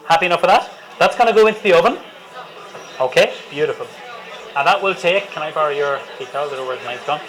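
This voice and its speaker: An enthusiastic Irish chef talks an audience through a cooking demonstration, chatty and full of jokes. His voice sits a little high for a man. A faint hiss of noise stays under the live room. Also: animated, quick pace, fairly bright tone, rough recording. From Ireland.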